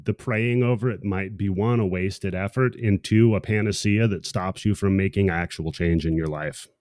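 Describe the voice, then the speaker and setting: Low-voiced wry male podcast guest. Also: normal speed, no echo, clean studio sound. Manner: calm, wry reasoning with dark humor. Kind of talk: casual podcast chat.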